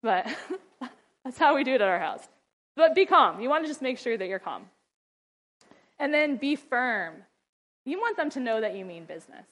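A woman's voice: a little high, very animated, moderate pace, long pauses, fairly bright tone. A middle-aged woman giving parenting advice in a casual talk, chatty, often laughing, and acting out how she scolds her kids. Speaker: mother and ministry wife giving parenting advice.

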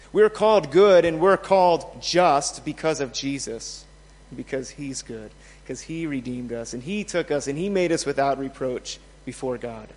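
A pastor preaching a sermon to his church, emphatic, asking rhetorical questions and swinging between loud and soft. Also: a little high, big-room sound. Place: church in a large hall.

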